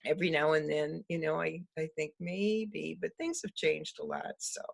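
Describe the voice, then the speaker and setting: An older woman, an interview guest telling stories in a lively way, often laughing and acting out the voices of people she quotes. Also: deep voice, moderate pace, gravelly. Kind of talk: storytelling conversation.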